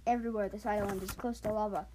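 A woman casually retelling a book plot in a rambling, hurried way with many fillers. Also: mid-range voice, steady tone, dark tone, slight background noise.

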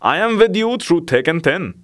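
A man's voice: on the high side, big pitch swings, normal speed, a bit bright, pitched above the performer's own voice. A man voicing a hungry, eager male pet dog who growls and grumbles in a storybook reading. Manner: gruff, eager.

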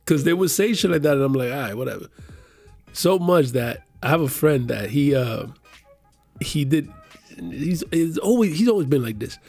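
A Miami-area man in his thirties tells a profane story in casual conversation, animatedly acting out the voices of the people involved. His voice is a little high and moves at a moderate pace, with soft music playing behind him.

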